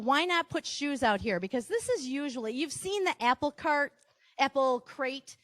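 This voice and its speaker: Wisconsin lady running a workshop, talks to the audience a lot, higher voice, dry mic. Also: a bit bright, no echo. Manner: chatty, asides and rhetorical questions to the audience. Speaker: workshop presenter. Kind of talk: live presentation to an audience.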